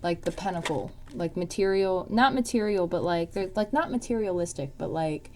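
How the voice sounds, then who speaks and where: A woman's voice: on the low side, normal speed, a little mellow. A woman giving a casual tarot reading, rambling with lots of "um" and "like". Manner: rambling, many fillers like "um" and "like". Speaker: tarot reader.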